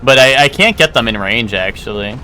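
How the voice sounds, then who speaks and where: A man giving casual live gameplay commentary, rambling with lots of fillers and the odd swear. His voice is bright and tense, with a lively, bouncing pitch. Faint game music plays underneath. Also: normal speed. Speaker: streamer.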